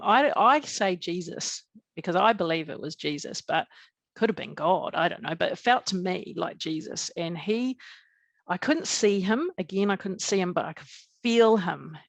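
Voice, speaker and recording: A middle-aged woman from New Zealand speaks with a Kiwi accent, telling her story in an earnest, halting way, full of fillers and restarts. Her voice sits low and carries a gravelly fry. The sound is close and dry. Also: dry recording. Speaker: podcast guest. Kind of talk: recounting a personal experience in an interview.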